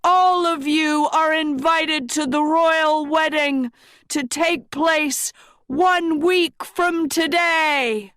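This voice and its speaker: A woman's voice: high-pitched, steady tone, drawn-out words, fairly bright tone, no echo, clean studio sound, pitched above the performer's own voice, heavily acted. A woman reading a storybook, voicing a young male usurper king who proclaims grandly to a crowd. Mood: triumphant.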